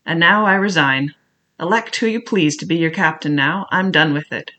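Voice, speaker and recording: Brief: a scheming pirate cook with rough sea talk, bright and sharp-edged, read by a man. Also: on the high side, moderate pace, highs cut off. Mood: menacing. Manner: wheedling then bullying, rough sailor talk. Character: cunning one-legged male pirate cook, scheming. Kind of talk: audiobook character voice.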